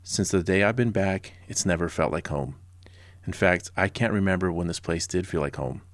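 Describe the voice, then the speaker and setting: Brief: a low-voiced man in his forties, a history podcast host, blunt and sarcastic, in a dry, close recording. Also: moderate pace, no echo. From Southern California. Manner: sarcastic and blunt, with casual personal asides.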